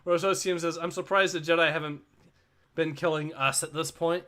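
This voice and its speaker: A man co-hosting a casual livestream, reading viewer comments aloud in a dry, flat way. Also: on the high side, brisk. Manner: reads chat messages in a flat, dry tone. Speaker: co-host reading a comic on a livestream.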